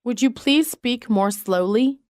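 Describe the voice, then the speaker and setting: A woman reading business English sentences aloud in a measured, clearly enunciated way. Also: fairly high pitch, a little mellow, no room sound, clean studio sound. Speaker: English phrase reader. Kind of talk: slow read-aloud example sentences.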